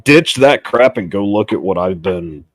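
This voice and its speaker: A man's voice: on the low side, expressive, normal speed, no room sound. A man chatting casually as a co-host, telling laid-back stories and swearing now and then. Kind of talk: casual chat.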